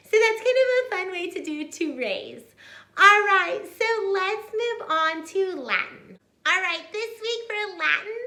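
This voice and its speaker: A woman's voice: extremely high pitch, bright, forceful tone, echoey room. A woman tutor explaining classroom review games and hand motions in an upbeat, demonstrating way. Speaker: homeschool tutor. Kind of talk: instructional video.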